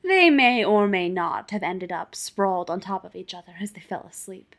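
Woman audiobook narrator, calm and measured, mid-pitched. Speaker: fanfiction audiobook reader.

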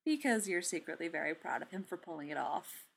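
A woman voicing a patient male soldier who speaks softly, firmly and precisely. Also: on the low side, fairly quick, vocal fry, slightly rough, heavily acted. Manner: soft, firm and even. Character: calm, patient male soldier, gently firm. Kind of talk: audiobook character reading.

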